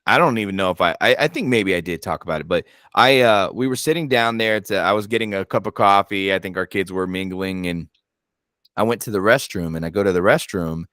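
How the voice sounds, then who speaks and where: A man hosting a paranormal channel, chatting casually and telling animated stories, swearing and acting out his own reactions. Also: deep voice, a little fast, dry recording, clean studio sound. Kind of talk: casual chat.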